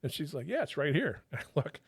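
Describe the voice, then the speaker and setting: A middle-aged retired federal agent tells stories casually and animatedly, his voice on the high side, gravelly and breathy, and he talks fast. He swears freely and imitates the voices of the people he quotes, recorded cleanly in a studio with no echo.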